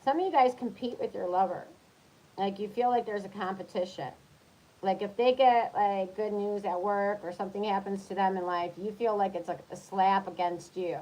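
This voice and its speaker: A woman's voice: mid-range voice, normal speed, warm tone, lo-fi sound. A woman who is a tarot reader, giving a casual reading for zodiac signs in a chatty, coaching tone and checking in often with her listeners.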